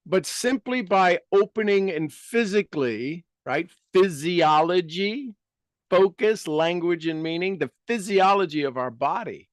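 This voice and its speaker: A man leading a self-help talk, guiding listeners through exercises and asking rhetorical questions, with his loudness rising and dropping. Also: on the high side, no echo. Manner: rhetorical questions, repeats phrases for emphasis. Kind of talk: coaching talk with guided exercises.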